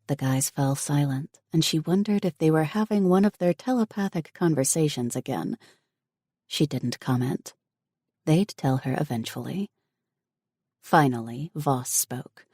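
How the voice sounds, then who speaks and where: Woman reading an audiobook, low and slow, steady and even, dry close sound. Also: husky, no echo. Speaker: audiobook narrator. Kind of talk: scripted narration.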